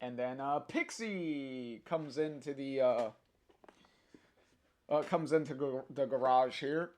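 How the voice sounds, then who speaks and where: A man's voice: mid-range voice, slow, darkish tone. A man reading a comic aloud with his own commentary, hesitant with many fillers. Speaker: comic reader.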